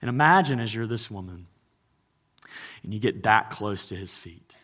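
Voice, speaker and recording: A man preaching a sermon as a pastor, swinging between loud emphasis and hushed intensity. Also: lowish voice, lively intonation, normal speed, in a large hall.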